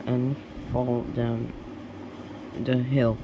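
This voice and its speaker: A man's voice: medium pitch, flat delivery, drawn-out words, highs cut off, noisy background. A man reading a storybook aloud and voicing a clumsy, hurt male bear doctor who groans about his injuries. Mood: sorry. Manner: groaning, sorry for himself.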